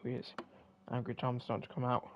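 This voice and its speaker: A man's voice: medium pitch, completely flat delivery, fast talker, dull audio, a little hiss or hum. A young man, tired and yawning, rambling casually with many fillers while he streams a game. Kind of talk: casual commentary while playing.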